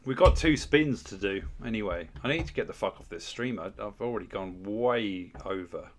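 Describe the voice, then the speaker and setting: A man's voice: lowish voice, normal speed. A man hosting a casual livestream, bantering with chat in a crude, swearing, mock-outraged way. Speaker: livestream host.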